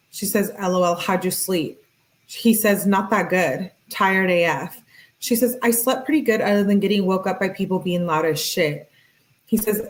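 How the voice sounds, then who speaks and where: A woman's voice: mid-range voice, poor audio. A woman hosting her channel, reading text messages aloud in a plain voice and breaking off for casual asides. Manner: plain read-aloud delivery broken by offhand asides. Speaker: channel host.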